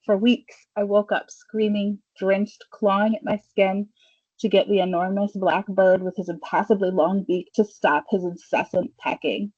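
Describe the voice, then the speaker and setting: A woman's voice: mid-range voice, little pitch movement, normal speed, darkish tone, no echo. A woman speaks in a dry, slightly dull-sounding recording. She is hesitant and a little self-deprecating at first, then reads a serious literary passage. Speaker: student reader. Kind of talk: reading a literary fiction excerpt.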